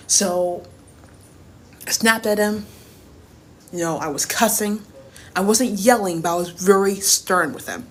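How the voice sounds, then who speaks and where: A woman's voice: mid-range voice, a little hiss or hum. A woman in her twenties telling a personal story in a casual rant, blunt and profane, repeating points for emphasis. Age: 20s. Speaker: TikTok creator.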